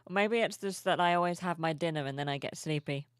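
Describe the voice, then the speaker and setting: A sleepy woman streamer chatting softly and cheerfully with her viewers at home, reading their messages aloud. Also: deep voice, fast talker, clean tone, no echo, clean studio sound. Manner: soft-spoken, cheerful, reads chat aloud. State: sleepy, yawning. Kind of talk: casual live-stream chat. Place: home room with plushies.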